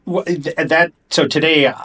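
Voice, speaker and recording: A host in conversation with a guest, sitting some way off the microphone so the voice sounds distant. The pitch is moderate, and most replies are quick, agreeing words. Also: fairly even intonation, fairly bright tone, slight background noise. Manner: brief agreeing interjections. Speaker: podcast host. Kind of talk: conversational interview.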